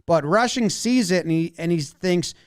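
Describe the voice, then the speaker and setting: Brief: male baseball analyst, high, bouncy voice, dry close sound, playful play-by-play breakdown. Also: moderate pace, clean tone, no echo. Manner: animated, acts out players' imagined lines.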